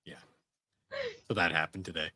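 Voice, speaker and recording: A man's voice: deep voice, flat delivery, moderate pace, bright, forceful tone, no room sound. A man co-hosting a gaming podcast, telling a story in casual chat and reading the show's outro. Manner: rambling storyteller, laughs often. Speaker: podcast co-host.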